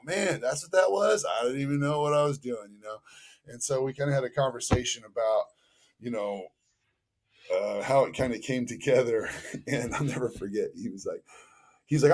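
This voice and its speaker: A podcast guest from the Los Angeles area tells stories in a casual, animated style, acting out the dialogue he quotes and using plenty of filler words. His voice is mid-range.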